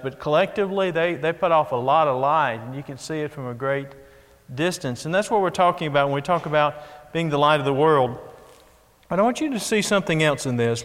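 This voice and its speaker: A man's voice: a little high, fairly bright tone. A man preaching a sermon in an earnest way, repeating key phrases as he builds emphasis. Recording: long echo of a large hall.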